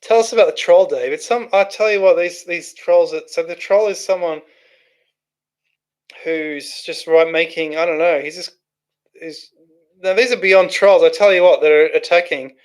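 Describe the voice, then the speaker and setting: Reading out and responding to chat comments, this Australian livestream host is casual and rambling, restarting as he thinks aloud. He speaks with a high-pitched voice at a moderate pace.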